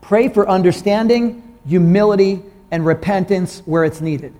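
A man with a notably high voice preaches to his congregation in a loose, conversational style. He asks the room questions, and his pitch climbs even higher when he gets excited. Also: normal speed. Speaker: pastor. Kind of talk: sermon.

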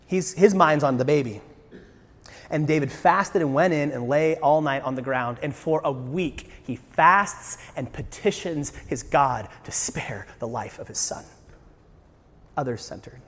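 A man's voice: fairly high pitch, measured pace. Earnest male preacher, echoing hall. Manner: earnest, rising to emphatic bursts, rhetorical questions to the congregation. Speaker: pastor. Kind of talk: sermon. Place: church sanctuary. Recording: long church-hall reverb.

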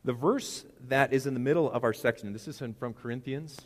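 A man's voice: mid-range voice, quick pace. A man preaching a casual sermon, joking and asking the congregation questions. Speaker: pastor. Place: church sanctuary. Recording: long church reverb.

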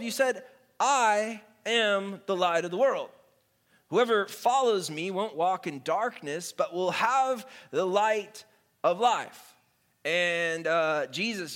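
A man with a notably high voice delivers a sermon at an unhurried pace. He leans on dramatic pauses and stretched-out words, and he mixes earnest preaching with playful asides. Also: fairly bright tone. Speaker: pastor.

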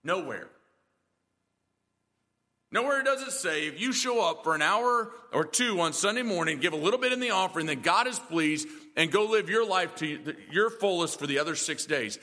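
High-voiced man preaching emphatically. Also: expressive, normal speed, sharp tone, long reverb tail. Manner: emphatic preaching with rhetorical questions. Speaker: pastor. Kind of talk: sermon.

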